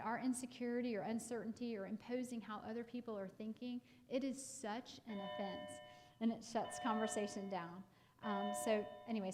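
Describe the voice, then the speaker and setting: A woman's voice: medium pitch, background noise. A woman, counseling parents in a casual live talk, chatty with many fillers and restarts. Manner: acts out parents and kids in quoted lines.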